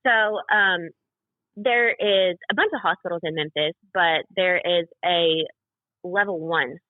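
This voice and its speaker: Slowly and in a lowish voice, a young woman shares a personal story as a guest on a podcast. The casual interview sounds tinny, dry and phone-like, and she rambles, filling gaps with fillers and acting out other people's lines.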